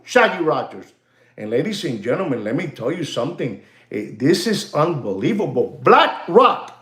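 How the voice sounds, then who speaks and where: A man hosting a channel in a rambling, animated monologue, using streetwise banter and bits of Spanish slang. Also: on the high side, reverberant. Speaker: channel host.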